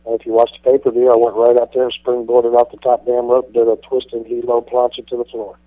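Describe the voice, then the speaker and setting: A man's voice: medium pitch, monotone, brisk, dry recording. A man, a professional wrestler guest, telling stories in a brash, swaggering, profane way. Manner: brash, swaggering, heavy cursing. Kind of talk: profane interview storytelling. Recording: tinny dry phone line.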